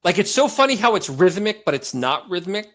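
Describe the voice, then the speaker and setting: Hoarse man, lively podcast banter. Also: sits high, brisk. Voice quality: animated, joking. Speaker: podcast co-host. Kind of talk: casual chat.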